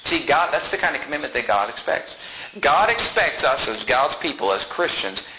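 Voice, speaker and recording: A man preaching a sermon, acting out the voices of the people in the story he tells and building up to shouts. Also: mid-range voice, big pitch swings, normal speed. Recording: echoey room with clear background noise.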